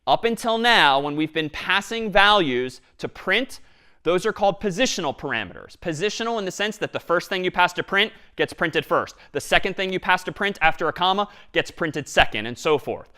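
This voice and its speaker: A man lectures on programming to a class, talking through each line of code he types. His voice sits fairly high, and he keeps an engaged, lively manner throughout. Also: normal speed, smooth. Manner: explains step by step, lively and engaged. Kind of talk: university lecture with live coding.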